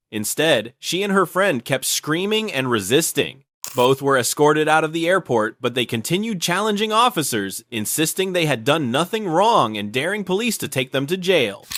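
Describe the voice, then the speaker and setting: A man reading scripted narration for a video about police footage, in a measured, storytelling delivery. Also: a little high, a bit bright, dry recording, clean studio sound.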